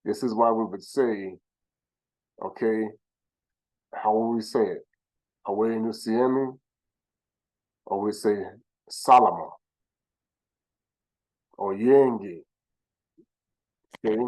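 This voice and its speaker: A man giving informal religious teaching who sounds out names slowly, corrects himself, and asks rhetorical questions. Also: fairly low pitch, flat delivery, dark tone, rough recording. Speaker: teacher of scripture.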